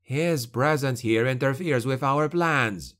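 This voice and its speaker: A man's voice: medium pitch, slow pace. A man voicing a bitter, fearful male necromancer in an audiobook, speaking sharply. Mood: testy. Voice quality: sharp, snapping.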